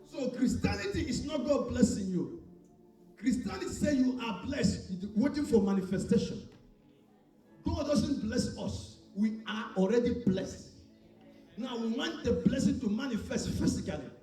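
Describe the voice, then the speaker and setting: High-pitched preacher man shouting in an echoey hall. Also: lively intonation, normal speed. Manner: shouting call-and-response with the congregation. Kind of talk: sermon. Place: church hall. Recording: echoey church hall, mic far off, faint music.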